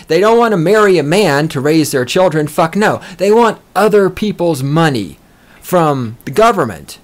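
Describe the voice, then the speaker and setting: A man hosting a podcast from a small studio, ranting loudly and boastfully with heavy swearing. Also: sits high. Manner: loud, fired-up, profane and boastful. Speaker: podcast host. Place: small recording studio with a control room.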